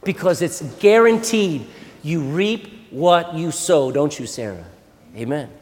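Animated high-voiced man preaching in a hall. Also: slow. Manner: animated, asks the audience questions. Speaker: preacher teaching children. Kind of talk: sermon. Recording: long hall reverb.

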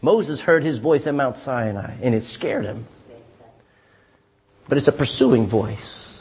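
Husky, lively-voiced preacher man. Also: medium pitch, unhurried. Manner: folksy, emphatic preaching with sudden loud bursts and chuckles. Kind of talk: sermon.

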